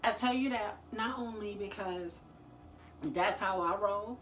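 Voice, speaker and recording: A woman talking casually to the camera, giving business advice in a chatty, slangy and expressive way, laughing often. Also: mid-range voice, a little slow, slight background noise. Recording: echoey room.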